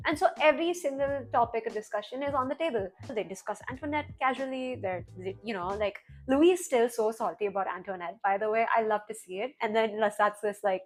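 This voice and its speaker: A woman's voice: a little high, fairly quick, faint music behind. Chatty woman recapping a TV episode. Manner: chatty, heavy on "like" and "you know", animated retelling. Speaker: TV reaction channel host. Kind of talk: casual recap commentary.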